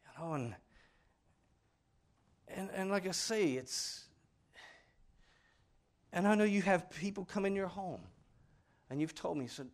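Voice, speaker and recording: A man delivering a homespun sermon to his congregation, his fairly high voice leaping up and down with feeling. He leans hard on key words, then drops to near-whispered asides, earnest and plain-spoken throughout. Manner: folksy, earnest, swings between loud stress and quiet asides. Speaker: preacher; father.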